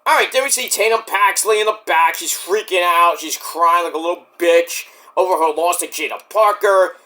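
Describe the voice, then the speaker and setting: A man giving a casual, rambling recap of a show, excitable and profane. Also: sits high, moderate pace. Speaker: wrestling show reviewer.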